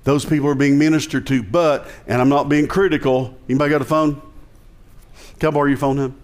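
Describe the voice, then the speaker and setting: A man's voice: fairly high pitch, fairly even intonation, a little fast, a little mellow. A male pastor with a Southern American accent, preaching a conversational sermon with jokes and emphatic rising passages.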